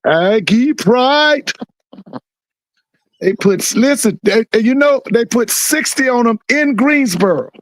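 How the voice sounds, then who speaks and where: A man's voice: very high voice, expressive, moderate pace, hardly any pauses, no echo, poor audio. A man co-hosting a casual sports podcast, laid-back and playful, repeating himself as he goes. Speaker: podcast co-host.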